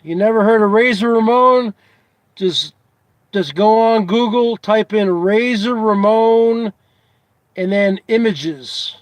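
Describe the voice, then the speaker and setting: A man hosting a casual comedy show, asking his audience teasing questions over and over in a drawn-out way. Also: high voice, no echo. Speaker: host.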